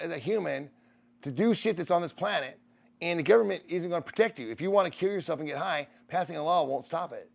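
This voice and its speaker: Gravelly-voiced man chatting on a livestream. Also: sits high. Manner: rambling, animated, swears freely and laughs often. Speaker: livestream host reading viewer comments. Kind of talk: casual livestream chat.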